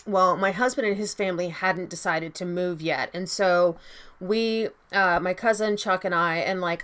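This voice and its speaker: A woman in her thirties chats to camera with a lowish, easygoing voice, telling a personal story. She rambles, stacks up fillers and restarts her sentences often. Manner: chatty and rambling, full of "like" and "you know"; acts out quoted lines in a higher, excited voice. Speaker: beauty vlogger.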